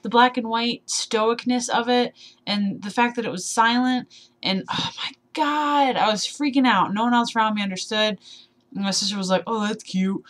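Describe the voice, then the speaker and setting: A woman's voice: a little high, moderate pace, fairly bright tone. A twenty-one-year-old woman chatting casually in a vlog, rambling and laughing at herself, slightly sleep deprived. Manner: rambling, self-deprecating, giggly. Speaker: vlogger. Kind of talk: casual tag video chat.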